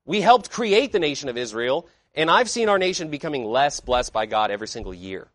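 A pastor's sermon to his congregation moves between booming declarations and soft asides, punctuated by rhetorical questions in an emphatic preaching style. He speaks briskly in a fairly high, sing-song voice, with no room sound.

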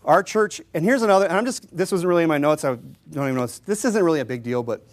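A man's voice: on the high side, lively intonation, racing. A man preaching a sermon in a casual, joking way, acting out doorstep conversations. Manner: self-deprecating humor, chuckles often. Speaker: pastor.

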